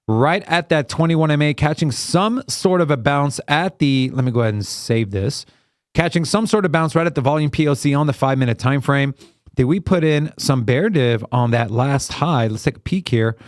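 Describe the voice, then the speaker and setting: A man's voice: on the high side, normal speed, dry recording, studio quality. A man hosting a live trading stream, chatting with viewers by name and calling out chart patterns in a hyped, casual way.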